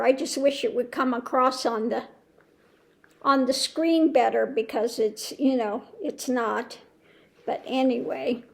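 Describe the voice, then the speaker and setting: A woman hosting her own channel, chatting casually at home in a rambling way, with many restarts and exclamations of disbelief. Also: high voice. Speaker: tarot channel host. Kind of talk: casual chat to camera.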